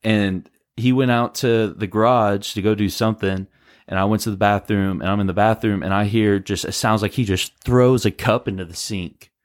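A man co-hosting a podcast, casually telling a ghost story in a rambling, animated way, full of "like" and "bro". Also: on the low side, moderate pace, no echo, studio quality. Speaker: podcast co-host.

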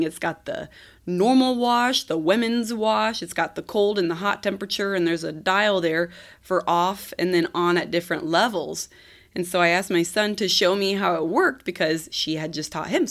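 A woman in her thirties hosting a podcast, hoarse and scratchy-throated from a cold, chatting casually and laughing often as she tells stories. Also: mid-range voice. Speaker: podcast host.

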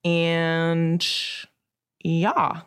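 A woman in her late twenties co-hosting a relaxed podcast chat with a friend. Her voice sits a little low, but her stories leap up in pitch as she gets animated. She laughs often and swears casually. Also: extremely slow, smooth. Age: late 20s. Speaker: podcast co-host.

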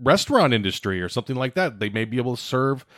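A man co-hosting a casual podcast chat, jokey and quick with sports comparisons. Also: medium pitch, sing-song, a bit bright, no room sound, studio quality. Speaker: co-host.

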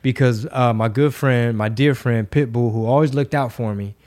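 A man from Texas hosting a podcast, telling stories in a casual, slangy and animated way. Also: medium pitch, normal speed. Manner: animated, slangy, acts out quoted voices. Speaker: podcast host and rapper. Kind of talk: casual storytelling.

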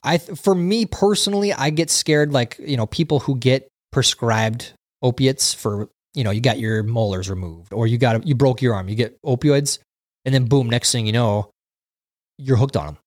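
A man's voice: medium pitch, moderate pace, dry recording, clean studio sound. Chatty man reading viewer comments. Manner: chatty, reads viewer comments aloud and riffs on them. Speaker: livestream host reading chat. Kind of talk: casual chat.

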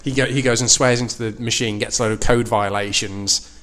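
A man co-hosting a podcast, relaxed and dry, with short replies and measured explanations. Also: medium pitch. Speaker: podcast co-host. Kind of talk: casual chat.

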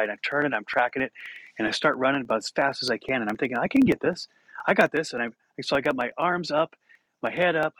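A man's voice: mid-range voice, a bit bright, poor audio. Man telling a self-deprecating story. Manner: self-deprecating, chuckling as he tells it. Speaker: podcast host. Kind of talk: casual personal storytelling.

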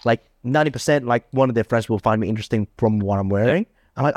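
A man's voice: medium pitch, fast talker, darkish tone, dry recording, studio quality. Boastful man acting out pickup lines. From Australia. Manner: boastful, acts out quoted dialogue in a raised voice. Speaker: podcast host. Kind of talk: casual chat.

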